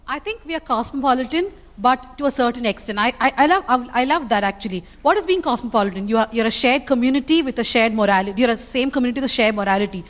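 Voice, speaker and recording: Quick, earnest female panelist from Kerala, recorded in a reverberant hall. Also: on the high side, expressive.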